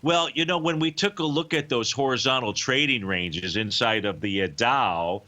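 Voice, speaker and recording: A man's voice: mid-range voice, moderate pace, pushed and bright. A man hosting a live financial talk show, explaining market cycles in a casual, rambling way with many fillers. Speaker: radio show host, market analyst.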